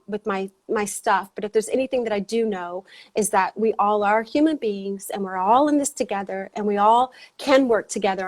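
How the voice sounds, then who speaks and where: A woman hosting a casual motivational livestream on a video call, out of breath, excited and rambling with many fillers. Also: medium pitch. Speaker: host.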